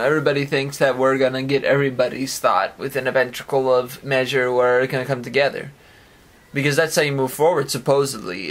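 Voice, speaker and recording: On his own podcast, a man rambles through a solo monologue, occasionally performing imagined voices complete with sound effects. His voice sits at medium pitch and is slightly bright.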